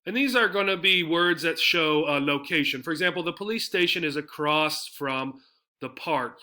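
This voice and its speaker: Bright-voiced man teaching English words. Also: fairly high pitch, moderate pace. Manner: explanatory, frequent tag "right?" checks. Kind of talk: slide-based vocabulary lesson.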